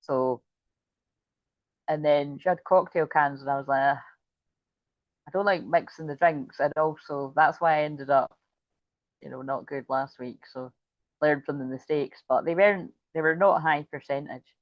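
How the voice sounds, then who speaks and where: A middle-aged woman with a fairly low voice, talking through a tarot reading in a loose, rambling way. She giggles and swears, keeps wandering off on asides, and sounds tired. The audio is dull, lo-fi and dry. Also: fairly even intonation, normal speed, dry recording. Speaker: tarot reader. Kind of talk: casual tarot reading chat.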